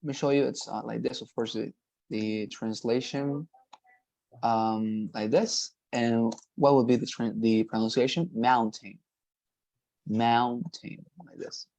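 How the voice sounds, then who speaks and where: A man teaching an online English lesson, repeating words slowly and checking in with "right?". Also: mid-range voice, steady tone, creaky, dark tone, no echo, poor audio. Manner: patient, repetitive, models pronunciations slowly, frequent "right?" checks.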